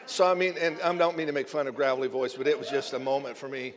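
A man who is a minister telling a humorous story in a sermon, animated and often chuckling as he talks. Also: mid-range voice, fast talker. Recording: long hall reverb.

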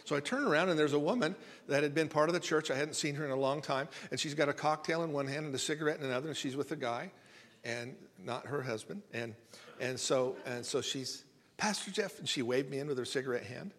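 Speaking fast in a steady, fairly bright voice on the high side, a pastor rambles through a folksy, conversational sermon. He repeats words frequently as his emphasis builds, and the church sanctuary gives the audio a reverberant hall quality.

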